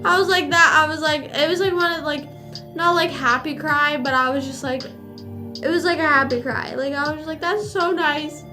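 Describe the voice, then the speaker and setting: A woman's voice: high voice, fairly even intonation, normal speed, sharp tone. A young woman streamer chatting casually, rambling with lots of fillers and swearing. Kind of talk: casual livestream chat. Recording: music playing behind.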